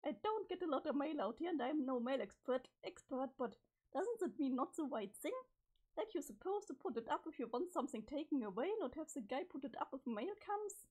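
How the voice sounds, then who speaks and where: Tipsy teen best friend, voiced by a woman reading aloud; sloppy, slurred delivery, pitch bouncing around. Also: lively intonation, fairly quick, a little mellow. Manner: slurring, sloppy drunk talk. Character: drunk, slangy teen girl best friend.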